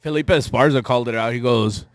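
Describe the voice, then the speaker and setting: A man with a South Texas border accent co-hosting a podcast in casual chat, rambling and halting and laughing at himself. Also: medium pitch, no room sound. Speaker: podcast co-host.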